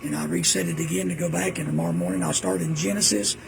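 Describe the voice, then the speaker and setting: Older preacher, gravelly, lively pitch, rambling folksy storyteller at home. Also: male voice, fast, background noise. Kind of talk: casual reminiscing monologue. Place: indoors at home.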